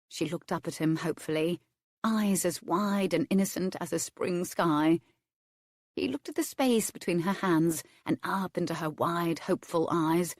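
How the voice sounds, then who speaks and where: Brief: female audiobook narrator, low register, measured, expressive delivery, dry studio sound. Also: no echo. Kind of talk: scripted romance narration.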